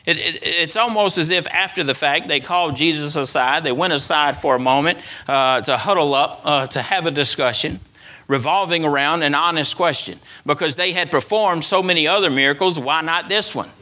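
A man's voice: on the high side, moderate pace, sharp tone. A man preaching a sermon as pastor, repeating phrases for emphasis and letting his voice rise and fall. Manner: preaching with rising and falling emphasis.

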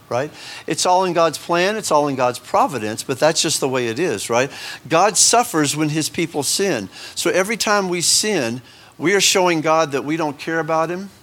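A man's voice: fairly high pitch, a bit bright. A man teaching a Sunday school lesson to a congregation, chatting with joking asides and frequent restarts. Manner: conversational, joking asides, many fillers and restarts. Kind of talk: casual Bible lesson to a congregation.

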